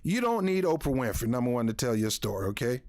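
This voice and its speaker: A man's voice: mid-range voice, very animated, fast, darkish tone, dry recording, studio quality. Blunt, rambling New York man. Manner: blunt, rambling, repeats himself. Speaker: YouTube commentator. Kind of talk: opinionated commentary vlog.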